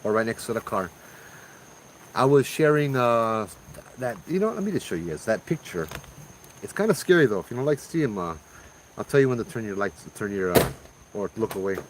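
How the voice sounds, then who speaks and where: A man's voice: lowish voice, very animated, fairly quick, long pauses, a little hiss or hum, low-quality recording. A man with a Hawaiian accent hosting a show, telling ghost stories in a laid-back, slangy way. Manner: laid-back, slangy, calls listeners bro. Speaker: host. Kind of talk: casual ghost storytelling.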